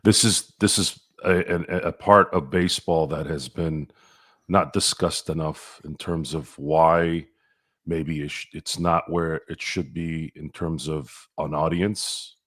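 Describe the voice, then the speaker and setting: A man's voice: very deep voice, steady tone, slow, fairly bright tone. A man co-hosting a sports podcast, blunt and opinionated, with sarcastic asides in casual chat. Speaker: podcast co-host.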